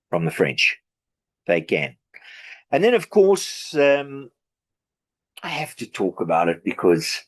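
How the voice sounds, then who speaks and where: A South African man giving a sarcastic, opinionated political rant, with many fillers and restarts. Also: mid-range voice. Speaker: political commentary vlogger.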